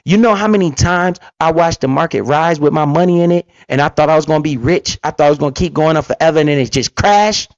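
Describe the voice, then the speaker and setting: A man's voice: a little high, fast talker, few pauses, no room sound. A man giving heated, profane reaction commentary about investing, preaching hard at his listeners. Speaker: finance commentator reacting to a clip. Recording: dull lo-fi recording.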